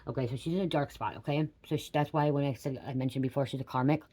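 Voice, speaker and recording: A woman's voice: a bass voice, fairly even intonation, quick pace, mellow. Rambling woman tarot reader, blunt. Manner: rambling, keeps adding "okay?" to check in; blunt, swears casually. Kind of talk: casual spiritual reading to camera.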